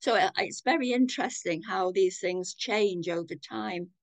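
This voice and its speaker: An older woman with a Manchester accent, giving a thoughtful, measured personal account on a video call. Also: mid-range voice, no room sound. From England. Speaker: community participant.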